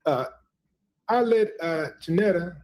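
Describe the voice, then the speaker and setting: A man's voice: high voice, animated, unhurried, a little mellow. A man hosting a live stream commentary, emphatic and addressing his viewers as family. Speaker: host.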